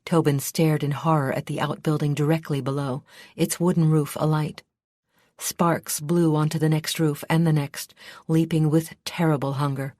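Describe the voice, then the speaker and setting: A woman reading a fantasy audiobook in a measured, steady storytelling manner. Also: low-pitched, no room sound, studio quality. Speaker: audiobook narrator. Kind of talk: scripted narration.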